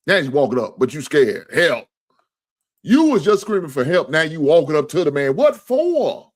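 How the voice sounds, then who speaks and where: A male sports-talk host gives casual commentary on a video in a fairly quick, sing-song voice. He's preachy and profane, lurching from a low grumble up to high, outraged shouts.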